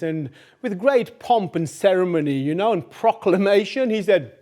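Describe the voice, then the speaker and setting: Lively storyteller man, fairly high voice. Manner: animated, chatty, addresses listeners directly; repeats phrases for rhythm. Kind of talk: oral folk-tale storytelling.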